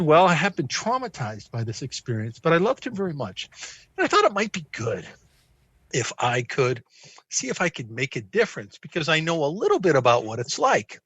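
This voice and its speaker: American man in his sixties, lively storytelling voice, bright tone, dry close sound. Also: a little high, normal speed, husky, no echo. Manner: animated, self-deprecating storyteller. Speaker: psychiatrist guest. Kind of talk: conversational storytelling.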